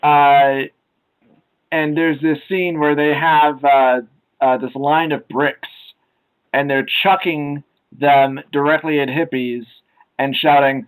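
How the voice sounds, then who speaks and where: A man's voice: a little high, fairly even intonation, slow pace, smooth, poor audio. Rambling young man on a podcast. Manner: rambling, many filler "uh"s, acts out comic lines loudly. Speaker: podcast co-host. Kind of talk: casual podcast chat.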